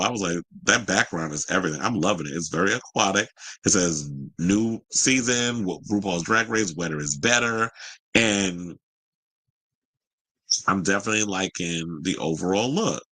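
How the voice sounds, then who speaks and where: A man's voice: deep voice, fairly bright tone, breathy edge. A man hosting a casual pop-culture commentary show, chatty and opinionated, full of asides and fillers. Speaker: host.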